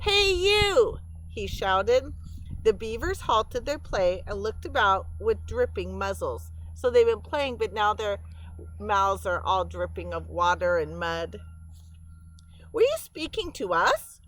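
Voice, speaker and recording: A woman reading a storybook aloud to children, pausing to explain words and pictures in a gentle way. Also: mid-range voice, rough recording.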